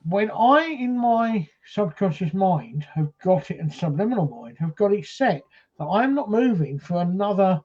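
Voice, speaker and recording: A man's voice: high-pitched, lively intonation, normal speed, darkish tone, dull audio. A man, a paranormal investigator, telling a rambling first-hand story on a live stream, full of fillers and restarts.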